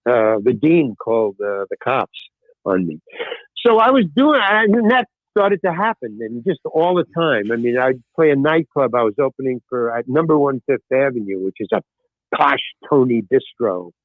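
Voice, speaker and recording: An older man telling stories as a podcast guest in casual chat, animated and restarting his sentences often. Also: medium pitch, normal speed, no echo. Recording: tinny phone-like dry sound.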